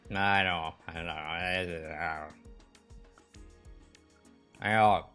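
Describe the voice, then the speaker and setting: A man's voice: low voice, bright, forceful tone. A man casually chatting with live viewers on a stream, rambling with many fillers and restarts. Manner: rambling, halting, lots of fillers. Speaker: livestream host.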